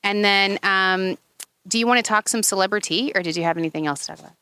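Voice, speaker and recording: A woman with a Long Island accent co-hosting a podcast, chatting outdoors in a garden in a gushing, chatty way, acting out quotes in high voices. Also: fast, pushed and bright, smooth. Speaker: podcast co-host. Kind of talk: casual chat.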